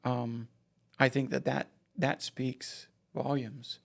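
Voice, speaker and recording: A man's voice: mid-range voice, little pitch movement, slow pace, vocal fry. A man hosting a podcast interview, an acupuncturist who affirms his guest and chuckles along.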